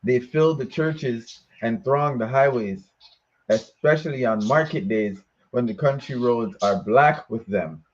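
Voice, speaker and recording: A man reading a book aloud, slowly and carefully, during a religious lesson. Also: mid-range voice, dull audio. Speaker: reader.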